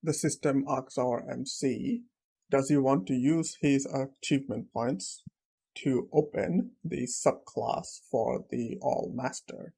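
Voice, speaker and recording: Male recap narrator, casual storytelling, unhurried, slow pace, husky tone. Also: medium pitch, mellow. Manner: plain, unhurried retelling.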